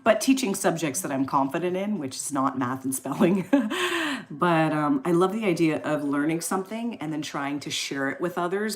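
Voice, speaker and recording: A woman in her forties with a low, easy voice hosts a live stream. She reads out viewer comments and chats on about them at length. Her talk rambles, full of fillers and small laughs. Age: 40s. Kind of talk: casual live chat reading viewer comments.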